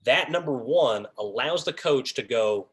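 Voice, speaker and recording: A man teaching a room of sports officials over a video call. He talks in a loose, lively way, talks with his hands, and jumps into quick acted-out lines for coaches and referees. His voice sits at a plain middle pitch. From raised by Long Islanders. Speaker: officiating instructor. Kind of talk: training talk on a video call.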